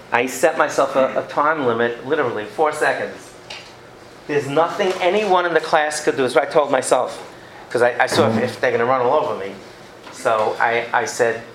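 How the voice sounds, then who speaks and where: A man's voice: mid-range voice, fairly bright tone, roomy sound, a little hiss or hum, rough recording. A man giving a lecture on parenting to an audience, acting out scenes with his children and taking questions. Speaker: educator giving a parenting talk.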